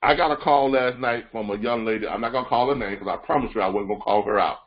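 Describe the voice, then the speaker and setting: A man leading a training call, coaching listeners with repetitive, animated talk. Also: fairly low pitch, quick pace, lo-fi sound. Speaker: freight broker trainer.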